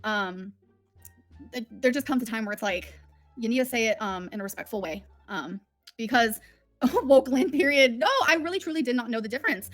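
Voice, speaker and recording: A woman's voice: a little high, normal speed, a bit bright, dry recording, soft background music. A woman hosting a livestream from home, talking in a candid, rambling, emotional way. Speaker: livestream host. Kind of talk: casual livestream chat.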